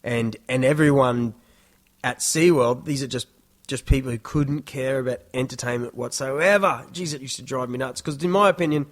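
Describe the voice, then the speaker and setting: Casting: Australian male podcast host in his thirties, easygoing, digressive storyteller, average pitch. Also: normal speed. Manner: rambling, self-deprecating storytelling. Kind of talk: casual solo podcast monologue.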